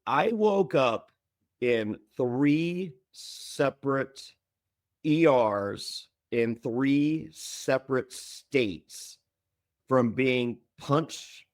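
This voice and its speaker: A man in a podcast interview tells wild stories about himself in an animated, self-mocking way. He stutters over his words and leaps up high when he quotes other people. His voice sits at a middling pitch, recorded close and dry. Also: drawn-out words, no room sound. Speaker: guest, former reality show contestant. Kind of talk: casual storytelling in a podcast interview.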